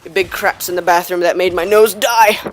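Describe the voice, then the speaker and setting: A teenage boy hosting a gaming channel, telling a rambling, excitable anecdote over gameplay and acting out the quotes as he goes. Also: high voice, a little fast, slight background noise. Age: teens.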